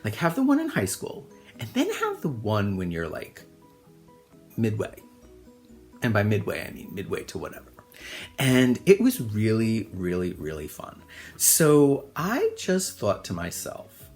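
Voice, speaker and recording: A man's voice: on the low side, huge pitch swings, unhurried, a little mellow, soft background music. A middle-aged man telling a personal story as host, rambling and self-mocking with lots of fillers.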